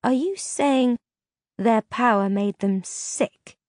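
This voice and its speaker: A woman's voice: fairly high pitch, slow, a little mellow, no room sound, studio quality. A woman reader voicing a fierce, defiant young heroine who speaks in heated outbursts. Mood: questioning.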